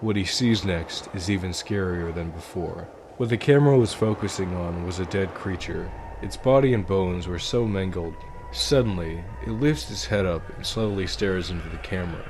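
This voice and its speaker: A man narrating a creepy story in a measured, dramatic storytelling voice. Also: sits low, background noise. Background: background music.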